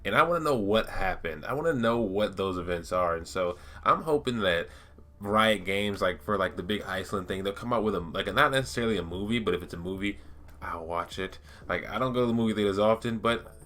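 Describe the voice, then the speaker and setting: A man with a fairly low but bright, forceful voice chats eagerly to his viewers in a casual gaming vlog. He rambles with plenty of fillers, restarts himself often, and keeps the tone loose and excited. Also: brisk. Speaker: gaming YouTuber. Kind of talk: casual lore-talk vlog.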